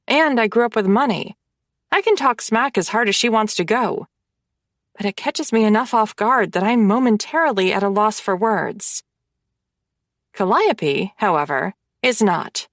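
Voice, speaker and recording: Slow, expressive woman narrating an audiobook. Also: medium pitch, dry recording, clean studio sound. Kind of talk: first-person romance audiobook narration.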